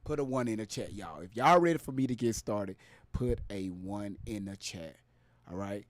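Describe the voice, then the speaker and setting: A man hosting a casual live stream, loud and playful, hyping up his viewers and greeting them by name. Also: on the low side, normal speed, no room sound.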